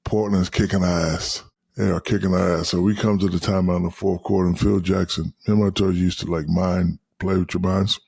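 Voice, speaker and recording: A deep, husky man spins animated basketball stories in his fifties. He is profane and loose, and he acts out the lines of the people in his stories. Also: fairly quick. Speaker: guest, retired basketball star. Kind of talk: casual storytelling.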